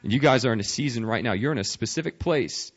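A young man preaching a sermon as a missionary, telling stories with sudden drops to a hush and bursts of loud speech. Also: medium pitch, expressive, fast, muffled recording. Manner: storytelling, dramatic swings from hushed to loud.

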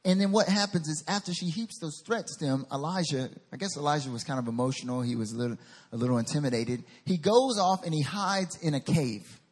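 A man delivers a sermon with a husky, somewhat high voice. He is animated and acts out the voices in the scripture story. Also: fairly quick, long reverb tail. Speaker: pastor.

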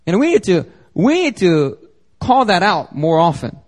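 A man's voice: sits high, very animated, unhurried, a little mellow. A man preaching a sermon as pastor, conversational and joking, acting out little dialogues. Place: church service.

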